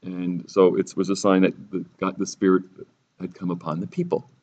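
Low-ish guy preaching through a bible passage, sarcastic and theatrical, kinda muffled lo-fi recording. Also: level tone, normal speed, darkish tone. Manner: sarcastic, theatrical, reads quotes in a raised voice. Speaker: Bible teacher. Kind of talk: sermon-style Bible teaching.

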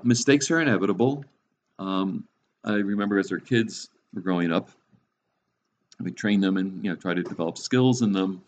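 A man's voice: deep voice, darkish tone. A middle-aged man teaching in a casual, conversational way, with frequent restarts and chuckles at his own jokes. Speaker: Christian speaker. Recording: dull lo-fi recording with faint noise.

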